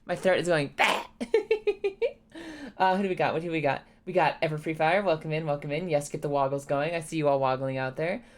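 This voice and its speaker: A young woman streamer chatting casually and congested, rambling, swearing freely and breaking into high laughs. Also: fairly even intonation, fairly quick. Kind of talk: casual live-stream chat.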